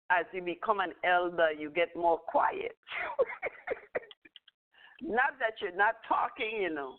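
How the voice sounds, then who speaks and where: Older woman, rambling storyteller with a chuckle; phone-quality audio. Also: medium pitch. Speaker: spiritual teacher. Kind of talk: casual teaching talk. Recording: tinny phone-line audio.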